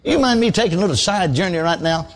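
A man's voice: high-pitched, expressive, fast, background noise. An older man, preaching a sermon in a folksy, conversational storytelling way, full of asides and repeated words.

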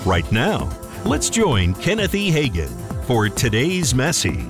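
A man reading scripted radio announcements in a smooth, measured way. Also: mid-range voice, wildly swooping pitch. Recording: music bed under voice.

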